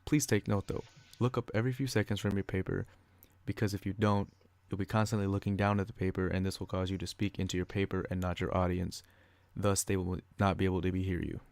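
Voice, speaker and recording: A young man with a very low voice reads a scripted educational podcast. His delivery stays a bit flat as he follows his prepared notes. The recording is dry, with no room sound around him. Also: fast talker, no room sound. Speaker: student podcaster.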